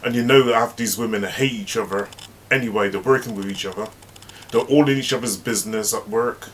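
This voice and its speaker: A man's voice: on the low side, a little fast, a little hiss or hum. A man hosting his own channel, telling a story in a chatty, anecdotal way with emphatic asides. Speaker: host. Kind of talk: casual storytelling monologue.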